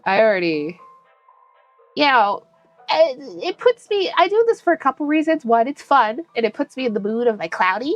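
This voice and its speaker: A young woman livestreaming in a bright, high, put-on stream voice, swinging widely up and down as she chats and giggles with viewers. Her sound is close and dry, with faint music playing behind her. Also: sing-song, moderate pace, no echo. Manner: bubbly, giggly, chatty with viewers. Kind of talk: casual live-stream chat.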